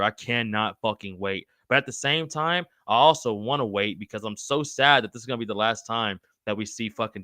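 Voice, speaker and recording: A man's voice: lowish voice, no echo, clean studio sound. Slangy man hosting a live chat. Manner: slangy, calls chatters bro and brother, excitable. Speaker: podcast host reading live chat. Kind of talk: casual live-stream chat.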